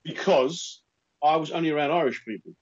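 Animated London man, husky and muffled. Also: a little high, fairly quick. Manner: animated storyteller who slips into put-on voices. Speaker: radio host. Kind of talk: casual chat. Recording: muffled lo-fi sound.

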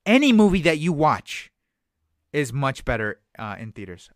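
A man's voice: a little high, normal speed, dry recording, clean studio sound. A man co-hosting a movie podcast, chatting casually and emphatically, repeating his points. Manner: animated, emphatic, repeats phrases. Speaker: podcast co-host.

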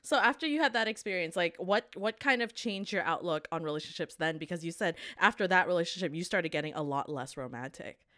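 Woman host, animated pitch, dry close sound, teasing and curious. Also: a little fast, hardly any pauses, dry recording. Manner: curious, teasing, laughs often. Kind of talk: casual interview chat.

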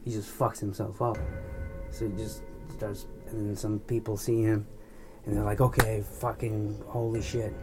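A man's voice: fairly low pitch, level tone, normal speed, over music. A man casually telling a long, rambling story in loose, swear-heavy chat.

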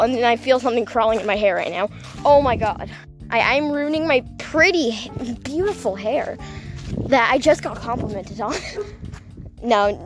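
A high-pitched young woman talking casually on her podcast. She rambles and giggles through her stories, often poking fun at herself. Faint music plays behind her. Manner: giggly, rambling, self-mocking. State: voice cracking, dehydrated. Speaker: podcast host.

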